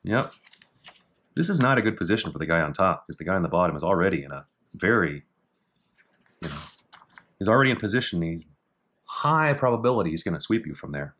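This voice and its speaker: A middle-aged man casually talking through techniques in a martial arts book, with dry offhand asides and slow, halting reading of foreign terms. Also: low voice, very animated, a bit bright. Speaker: jiu-jitsu instructor reviewing a technique book. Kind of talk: casual commentary.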